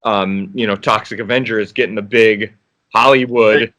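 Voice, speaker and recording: Bright-voiced man rambling with laughs. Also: lowish voice, fairly even intonation, normal speed. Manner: rambling, laughs often, many restarts. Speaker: actor guest. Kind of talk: casual interview chat.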